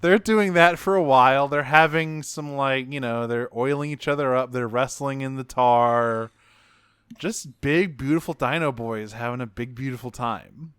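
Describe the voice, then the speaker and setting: A man in casual podcast chat, animated and profane, breaking into silly character voices as he recaps cartoon episodes. His voice is smooth and resonant, recorded close and dry with no room sound. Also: mid-range voice, normal speed, no echo. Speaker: podcast co-host.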